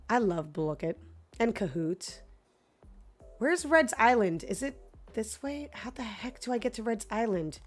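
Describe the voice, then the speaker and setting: A woman livestreaming a cozy video game who chats freely with her audience and laughs often. Her voice sits at an ordinary middle pitch and comes through a streaming microphone. Light game music plays faintly behind her. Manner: chatty, laughs often, talks to her chat and to game characters. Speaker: gaming streamer. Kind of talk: live game stream commentary.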